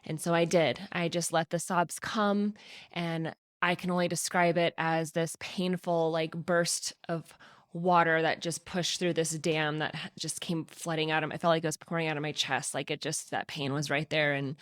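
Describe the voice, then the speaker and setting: A woman podcaster talks candidly to her listeners in a slightly low voice and is close to tears at times. Her talk is frank and heartfelt, with a lot of "like" and "right?" The recording is dry and close, with no room sound. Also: flat delivery, normal speed, dry recording. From Colorado, USA. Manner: candid and emotional, talking through tears. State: tearful at times. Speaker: podcast host. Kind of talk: personal podcast monologue.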